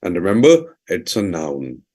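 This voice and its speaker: Male vocabulary teacher, lowish voice, repeats definitions, uses fillers. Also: huge pitch swings, darkish tone. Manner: slow, repeats definitions and sentences; filler-heavy with "you know" and "uh". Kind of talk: explaining word meanings.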